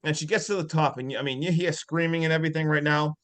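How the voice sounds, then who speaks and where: A man co-hosting a podcast, excitedly retelling a horror movie scene by scene with lots of "like". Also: fairly high pitch, fast talker. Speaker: podcast co-host. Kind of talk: casual movie review chat.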